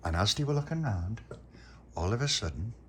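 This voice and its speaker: A man telling a children's story in a relaxed, animated way. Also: on the low side, brisk, slightly rough. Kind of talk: bedtime story narration.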